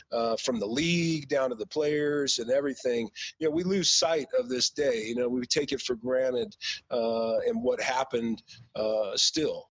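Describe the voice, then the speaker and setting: A man and former football player telling a story on a podcast in a casual, animated way, cursing and laughing now and then. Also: medium pitch, dry recording. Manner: animated, profane, laughs while recounting. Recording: dull lo-fi podcast audio.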